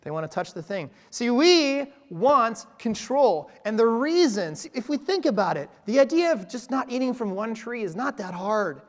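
Guy preaching in a church, kinda high voice, chatty and joking with the crowd, echoey big hall. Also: big pitch swings, a little fast, hardly any pauses. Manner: conversational, with playful asides to the congregation. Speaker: pastor. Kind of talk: sermon.

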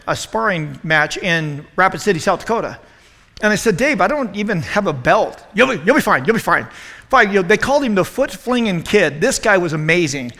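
A youth pastor in his forties telling an animated story in a youth sermon, acting out quotes with self-deprecating humor. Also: high voice. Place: church youth room. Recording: long hall reverb.

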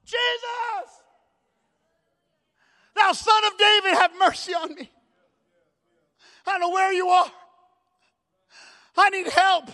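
A preacher voicing a blind male beggar who shouts and pleads for mercy. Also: extremely high pitch, slow pace, long pauses, breathy edge, long reverb tail, heavily acted. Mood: desperate pleading.

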